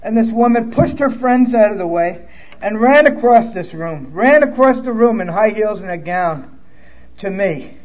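A high-pitched man recounts his own story in a blunt, profane way that turns emotional. The recording is a little dull and lo-fi, like a modest room capture. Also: lively intonation, moderate pace. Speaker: speaker sharing his recovery story. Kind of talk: personal testimony storytelling.

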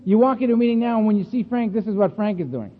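A high-pitched man speaks at a recovery meeting in an animated, chatty storytelling way, laughing often between lines. The sound is thin and tinny, like a phone line, with a long echo from a meeting hall. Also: racing, slight background noise. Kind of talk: storytelling talk.

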